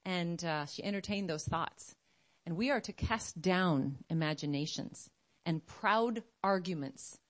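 A woman preaching a sermon in an animated way, acting out other voices as she speaks. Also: on the low side, a little slow.

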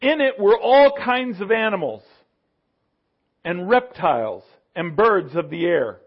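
A man's voice: sits high, sing-song, unhurried, slightly rough, highs cut off. A man preaching a conversational sermon, leaning on asides and rhetorical questions to his listeners. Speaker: pastor.

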